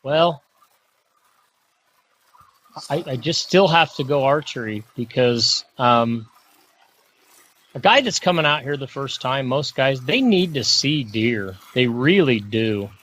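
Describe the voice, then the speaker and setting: A man's voice: mid-range voice, lively intonation, slow pace, pauses often, a bit bright. A middle-aged man talking casually on a podcast as a guest, rambling and repeating himself. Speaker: mule deer hunting guest.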